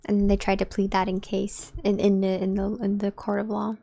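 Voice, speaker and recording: A woman's voice: mid-range voice, monotone, normal speed, vocal fry, mellow. A woman streaming a game and chatting casually with her viewers, musing aloud. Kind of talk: casual gameplay commentary.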